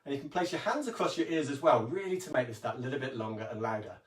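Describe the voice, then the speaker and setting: A man leads a calm, gentle yoga and breathing session, talking through each stretch and reading a story in between. He sits back from the camera mic, so his voice comes across distant in an echoey room. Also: medium pitch, fast. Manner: calm, gentle instructions with soft hums. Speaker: yoga teacher. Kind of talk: guided kids' yoga and storytelling.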